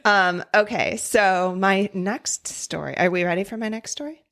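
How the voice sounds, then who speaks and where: A woman co-hosting a chatty paranormal podcast. She talks bluntly, with quick bursts of exasperation and casual swearing. Her pitch sits in the middle range. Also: fairly bright tone. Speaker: podcast co-host. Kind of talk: casual chat.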